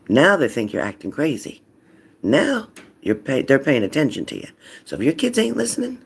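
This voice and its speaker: A man giving a casual card reading, acting out loud quotes and dropping into whispers. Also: medium pitch, fairly quick. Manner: animated, acts out loud and whispered voices. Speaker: psychic card reader.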